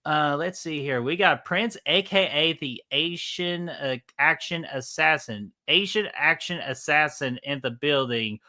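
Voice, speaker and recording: A man's voice: a little high, unhurried, hardly any pauses, bright, forceful tone. A man with a Southern US accent hosting a casual live stream, greeting chat by name, laughing and swearing casually.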